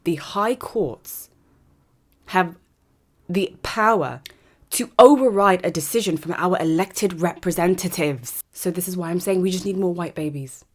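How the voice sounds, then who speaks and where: A woman hosting a podcast, ranting through a monologue with heavy sarcasm. Her voice sits a little low for a woman, and she leans hard on her points. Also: unhurried. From Britain. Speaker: podcast host. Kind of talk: opinionated monologue.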